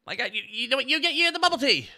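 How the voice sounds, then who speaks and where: A man streaming live, chatting casually and gushing excited thanks at his viewers. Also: very high-pitched, very fast, gravelly.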